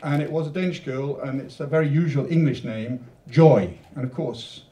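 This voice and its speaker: A man's voice: medium pitch, normal speed, mellow. A male poet introducing and reading his own rhyming poems, chatty in his asides and rhythmic in the verses. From Wales. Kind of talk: poetry reading with spoken introductions. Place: literature venue hall. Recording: roomy, distant mic.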